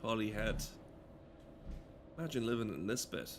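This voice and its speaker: A man's voice: lowish voice, moderate pace. A man giving rambling, casual gameplay commentary, swearing freely. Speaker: gaming streamer. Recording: steady game engine noise behind.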